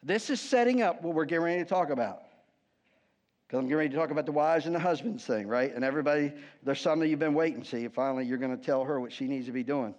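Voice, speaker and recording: A man's voice: fairly high pitch, quick pace, a little mellow. A man preaching a sermon as pastor, conversational and wry, often checking in with the congregation.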